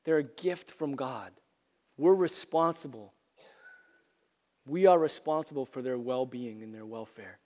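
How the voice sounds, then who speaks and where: A man's voice: medium pitch, a little slow, pauses often, a little mellow. A man preaching a sermon, earnest and repeating phrases for emphasis, losing his voice from a cold. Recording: long reverb of a large hall.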